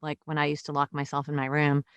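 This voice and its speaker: A woman's voice: sits low, completely flat delivery, fast, fairly bright tone, smooth, dry recording. A woman co-hosting a podcast in casual chat, chatty and laughing often between phrases. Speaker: podcast co-host.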